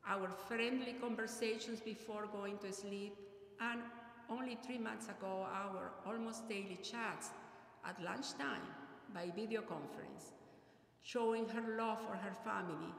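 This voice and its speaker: A woman's voice: medium pitch, gravelly. Earnest woman giving a eulogy. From Peru. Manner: earnest, measured, heartfelt delivery. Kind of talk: memorial eulogy. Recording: echoey hall with long reverb, faint ambient noise.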